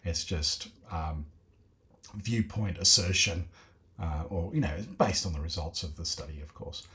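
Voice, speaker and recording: A man with a fairly low voice reacts to a talk in casual commentary. He thinks aloud and often pauses and restarts his sentences. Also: fairly bright tone. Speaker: host of a reaction video.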